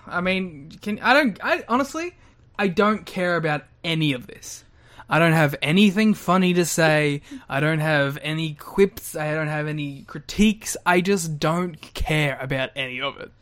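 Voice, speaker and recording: A man co-hosting a podcast in casual chat, playful and quick to joke. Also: fairly high pitch, lively intonation, fairly bright tone. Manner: playful, joking, quick to laugh. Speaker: podcast co-host.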